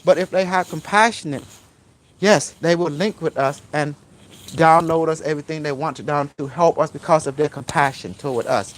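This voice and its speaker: Man, higher-pitched, spiritual teacher type, rambling broken-English lecture delivered with insistent repetition. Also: moderate pace, slight background noise.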